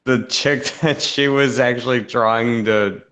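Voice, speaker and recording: A man's voice: mid-range voice, steady tone, slow pace, fairly bright tone. A man co-hosting a casual chat show, emphatic and profane, repeating his points for effect. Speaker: podcast co-host.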